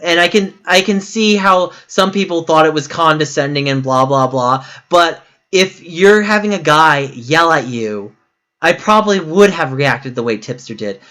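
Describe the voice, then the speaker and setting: A man's voice: a little high, animated, moderate pace, fairly bright tone. A man streaming a game, talking frankly and at length in casual chat, often restarting his sentences. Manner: frank, rambling, with many restarts.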